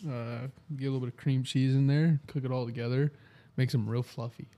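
Mellow-voiced guy, keen agreeable co-host type. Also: medium pitch, little pitch movement, a little fast. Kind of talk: casual chat.

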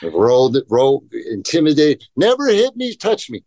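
A man's voice: medium pitch, huge pitch swings, normal speed, warm tone, dry recording. A man telling skateboarding stories in a casual podcast interview, rambling and profane, acting out quotes. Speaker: guest, professional skateboarder.

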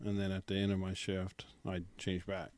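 A man in his forties with a Midwestern American accent, a police officer talking casually on a podcast in a low-key, dry way. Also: monotone, normal speed, darkish tone, clear, resonant tone. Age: 40s.

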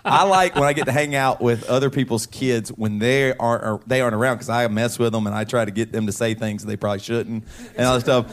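A man chatting on a live podcast recording. He tells stories with animated energy, breaking into laughter as he goes. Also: mid-range voice, quick pace, hardly any pauses. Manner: animated storyteller, laughs often. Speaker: podcast co-host. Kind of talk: casual chat. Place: live show.

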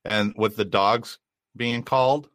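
A man hosting a podcast, explaining things in relaxed casual chat. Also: on the low side, slow, no echo. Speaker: podcast host.

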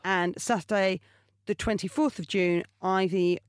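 A woman's voice: medium pitch, steady tone, measured pace, clean tone, dry recording, clean studio sound. A woman co-hosting a podcast, chatty and upbeat, reading out tour dates in casual chat. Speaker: podcast co-host.

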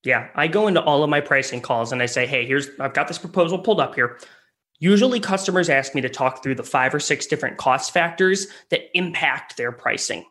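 A man co-hosting a sales advice podcast, lively and acting out customer and rep lines. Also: fairly high pitch, brisk. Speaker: co-host.

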